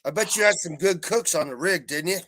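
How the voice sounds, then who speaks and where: A middle-aged man on a live video call, venting in a heavily profane rant that swings between calm and yelling. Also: sits high, brisk. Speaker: panel guest. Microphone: video call mic.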